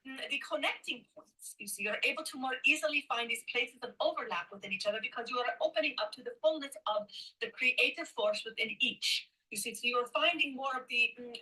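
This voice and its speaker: Give me a woman voicing a soft-spoken Pleiadian spirit guide with a high, bright voice and a humming "mm" tic, heard a little far from the mic. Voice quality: "you see" and humming "mm" tics, slow searching phrasing. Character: channeled female Pleiadian light being, gentle teacher. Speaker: trance channel. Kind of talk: channeled spiritual teaching.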